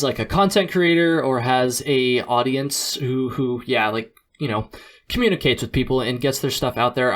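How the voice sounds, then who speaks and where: A male podcast host asking casual questions. He rambles a little and laughs at his own fumbles. His delivery stays relaxed and conversational. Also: medium pitch. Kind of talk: casual interview.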